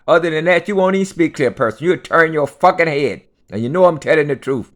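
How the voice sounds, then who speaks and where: Guy ranting straight at you, cussing a lot, kinda high voice, keeps repeating himself to drive it in. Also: lively intonation, fast, few pauses, a bit bright. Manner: blunt, profane, lecturing; repetitive, hammering points home. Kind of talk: unscripted rant to camera.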